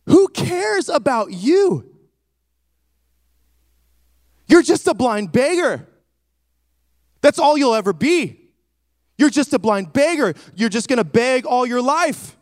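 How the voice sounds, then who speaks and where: Man mimicking a scornful crowd hushing a beggar. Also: high-pitched, breathy edge, dry recording, studio quality, full character voice. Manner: dismissive, scolding.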